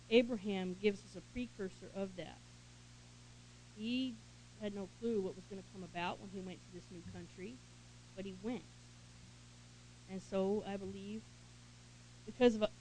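A woman leading a Bible study, reading scripture with emphasis and commenting in a relaxed, conversational way with small laughs. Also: medium pitch, a little hiss or hum, rough recording. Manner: reads scripture aloud emphatically, then comments in casual asides with small laughs.

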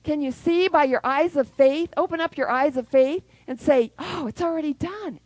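A woman preaching a sermon who acts out prayers and little scenes, even with sound effects. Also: sits high, normal speed, no room sound, low-quality recording.

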